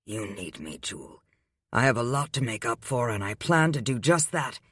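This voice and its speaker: Man doing a calm domineering rich man, measured, patient, quietly commanding, audiobook romance, dry close sound. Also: mid-range voice, dry recording, lightly acted.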